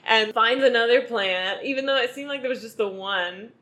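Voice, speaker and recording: A woman's voice: on the high side, normal speed, pushed and bright. A woman recapping a movie's plot in casual comedic chat, laughing often and acting out the characters' lines. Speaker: podcast co-host.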